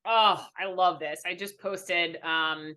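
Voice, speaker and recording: Bright, earnest woman coach. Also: fairly low pitch, fairly even intonation, slow. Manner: earnest, frequent "right?" tags, teacherly. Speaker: mindfulness and performance coach. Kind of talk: podcast interview, explaining.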